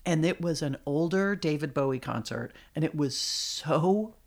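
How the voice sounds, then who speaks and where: A middle-aged woman with a notably low voice hosts a casual podcast chat. She talks loosely and laughs easily, steering toward the next segment. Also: animated, a little slow. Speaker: podcast host.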